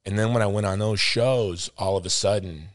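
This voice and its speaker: A man's voice: on the low side, moderate pace, no room sound, clean studio sound. A middle-aged man hosting a podcast, telling a story in casual chat and acting out the voices of the people he quotes. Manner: animated, acts out quoted voices, says dude and brother. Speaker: podcast host.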